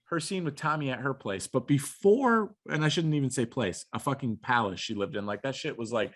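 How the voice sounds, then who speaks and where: A man's voice: medium pitch, fairly quick. A man co-hosting a podcast, chatting casually with slang and swearing. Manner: slangy and lively, swears freely. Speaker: podcast co-host. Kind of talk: casual chat.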